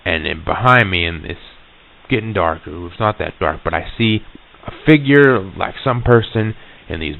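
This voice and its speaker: A man telling a story into a tape recorder, halting with many stammered restarts, on an old reel-to-reel tape. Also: sits low, phone-quality sound.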